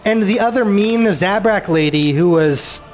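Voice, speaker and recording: A man ranting through a show recap, animated and frustrated, swearing freely and acting out characters' lines. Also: high voice, soft background music. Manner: acts out characters' lines in quick voices.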